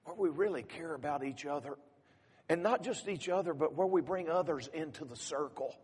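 A man's voice: fairly high pitch, normal speed, a little mellow, breathy edge, in a large hall. A man preaching a sermon as a pastor, telling a folksy story and teasing the congregation.

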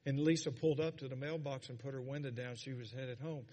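A man's voice: mid-range voice, a little slow, pauses often. A man preaching a sermon as pastor, calling on the congregation to answer back. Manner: rising to fervent shouting, calls for congregation responses. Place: church sanctuary. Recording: long church hall reverb.

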